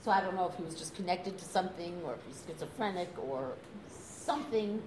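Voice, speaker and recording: Older lady telling a spooky story, lowish voice, roomy echo and some noise behind her. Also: fairly quick. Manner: animated, laughs through the story, acts out quotes. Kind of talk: casual anecdote telling. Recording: echoey room with noise.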